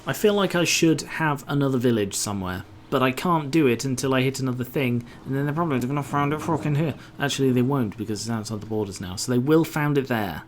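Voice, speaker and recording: A man's voice: medium pitch, fast talker, hardly any pauses. A man talks his way through a game in a mid-range voice, muttering complaints and dropping casual swears as he plays. It is loose, self-directed commentary. A faint hiss of background noise sits under the voice. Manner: grumbling, sweary, muttering to himself. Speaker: gameplay commentator.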